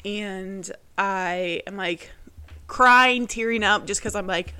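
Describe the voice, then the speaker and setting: A woman's voice: mid-range voice, a little slow, pushed and bright, smooth, no room sound. Young woman, podcast co-host, casual rambling storytelling, mid-range voice, dry close sound. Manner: rambling, heavy on fillers, acts out quoted family voices.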